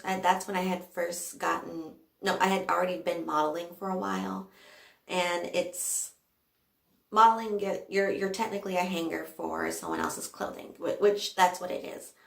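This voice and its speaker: A woman's voice: fairly low pitch, vocal fry, a bit bright. A young woman vlogger tells a personal story to her viewers, emotional and often laughing or near tears. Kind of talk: casual storytelling to camera. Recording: echoey room.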